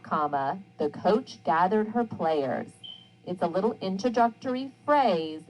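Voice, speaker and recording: A woman's voice: on the low side, rough recording. A woman teaching a recorded grammar lesson, enunciating sounds and words with care and reading example sentences aloud with emphasis.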